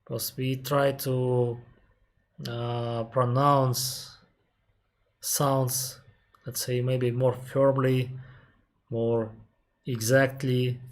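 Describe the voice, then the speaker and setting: A man with a mid-range voice and flat delivery speaks with a Russian accent. He's an airline captain answering viewers in a relaxed live-stream Q&A, explaining patiently and unhurriedly, step by step, and he restarts and pauses a lot.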